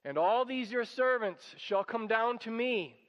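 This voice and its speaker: A man preaching a sermon, animated and acting out quoted voices as he explains a passage. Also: very high-pitched, measured pace. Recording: dull sound with long hall reverb.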